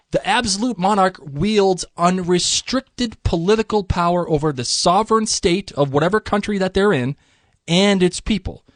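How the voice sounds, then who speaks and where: A man's voice: a little high, no echo. Chatty man explaining history, dry sound. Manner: chatty, lively, slips into mock voices for laughs. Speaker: podcast co-host.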